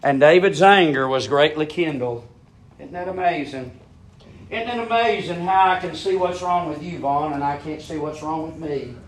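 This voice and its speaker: Fervent high-voiced man preaching a sermon. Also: normal speed. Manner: fervent, rises to high shouting peaks then drops low; asks the congregation rhetorical questions.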